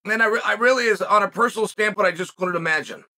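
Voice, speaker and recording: This middle-aged man hosting a podcast offers a reflective monologue of commentary, thick with rhetorical questions and restarts. He talks fast in a high-sitting voice that's bright and forceful.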